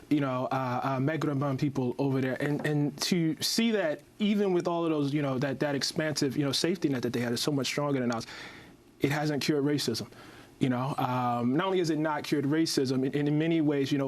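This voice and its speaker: Halting, fast-talking man in an interview. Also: fairly high pitch. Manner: halting, many restarts and "you know" fillers. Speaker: interview guest, writer. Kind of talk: thoughtful interview answers.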